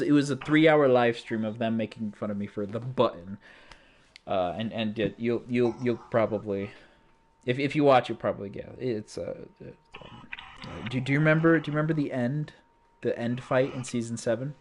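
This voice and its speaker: A man's voice: mid-range voice, normal speed, a little mellow. A man hosting a livestream, chatting casually and rambling with frequent restarts and laughs. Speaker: streamer host.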